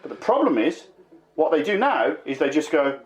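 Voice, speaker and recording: A man's voice: fairly high pitch, very animated, moderate pace. Chatty man in a roomy room. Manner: rambling, emphatic, full of fillers. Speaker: podcast co-host. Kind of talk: casual wrestling chat. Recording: roomy echo.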